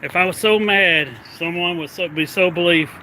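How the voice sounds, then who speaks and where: A man a little out of breath, taunting and repeating himself as he rants to his viewers, with a fairly high voice for a man. He sits in a car, and clear road and engine noise runs under his voice. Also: moderate pace. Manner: defiant, mocking, repetitive. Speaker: livestreamer. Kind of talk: rambling livestream rant.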